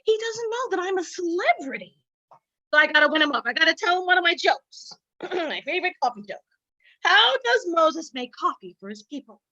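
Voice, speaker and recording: Woman acting as a self-absorbed radio host, comedic parody, whiny, swooping lively voice, high pitch. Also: moderate pace, dry recording, lo-fi sound, full character voice. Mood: self-important. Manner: boastful, whiny, melodramatic. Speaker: comic actor.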